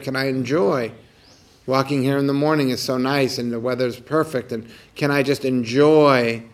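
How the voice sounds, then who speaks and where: A man who teaches meditation, guiding a mindfulness practice outdoors in a calm, gentle, unhurried way with soft, repeated questions. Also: medium pitch. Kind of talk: guided meditation talk. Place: outdoors on a morning walk.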